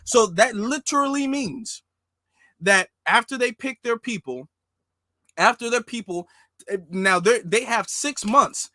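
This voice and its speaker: Man, emphatic fiery monologue, high pitched, bright tense tone. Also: measured pace, no echo, clean studio sound. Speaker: political commentary host. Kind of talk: casual monologue commentary.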